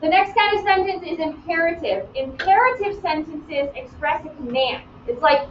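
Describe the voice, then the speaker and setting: Lively woman teacher, high voice. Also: normal speed, hardly any pauses, slight background noise. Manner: lively, playful, calls on students by name. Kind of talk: live online class lesson. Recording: roomy, distant, dull sound.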